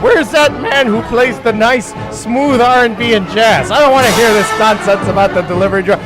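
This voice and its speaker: A man's voice: very high voice, brisk, music in the background, voice pushed up, rough recording. A man voicing a fussy woman listener who complains about the radio show. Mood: peevish.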